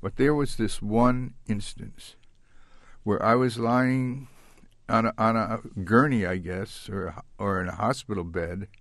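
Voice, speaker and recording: An older man telling his own story as an interview guest, halting and reflective, with many restarts. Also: lowish voice, dry recording, studio quality. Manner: halting and reflective, with frequent restarts and soft laughs. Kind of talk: recounting a personal story in an interview.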